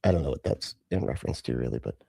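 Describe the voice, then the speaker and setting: A man's voice: extremely low pitch, lively intonation, racing, gravelly, dark tone, breathy edge, no echo, clean studio sound. A man hosting a casual live stream, chatting and laughing with viewers as he reacts to videos. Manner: chatty, greets chat viewers, laughs often. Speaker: livestream host reacting to videos.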